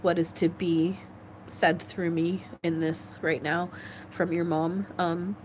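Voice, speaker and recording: A woman psychic medium giving a live-stream channeling reading, gentle and earnest, halting as she searches aloud for words. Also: lowish voice, flat delivery, slight background noise.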